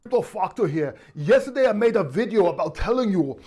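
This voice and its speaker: Parody clip: a man doing a crypto YouTuber's accent, fairly high, mock-serious. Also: animated, a little fast, a little mellow. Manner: laughing through a put-on accent. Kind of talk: parody clip played on stream.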